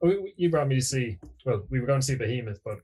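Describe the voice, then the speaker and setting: A man's voice: medium pitch, expressive, fast, warm tone, breathy edge. An Irish man in his thirties, a guest musician, chatting casually and recalling stories in an easygoing, rambling way. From Ireland. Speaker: guest band member. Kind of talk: casual chat.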